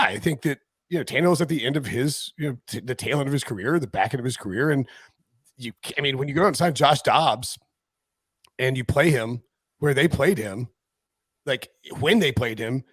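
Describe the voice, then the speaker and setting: A husky-voiced man rambles through casual podcast chat with a lively, swooping delivery. His voice sounds dry and close. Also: mid-range voice, dry recording. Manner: rambling, animated, many fillers. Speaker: football podcast host.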